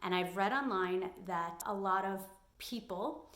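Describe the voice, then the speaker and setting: A woman's voice: medium pitch, unhurried, fairly bright tone, roomy sound. A young adult woman giving candid, emphatic advice in a personal vlog. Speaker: vlogger.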